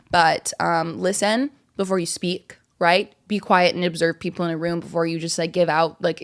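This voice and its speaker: A young woman hosting a casual podcast, chatty and rambling, with lots of fillers and giggles. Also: mid-range voice. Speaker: podcast host. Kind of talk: casual chat.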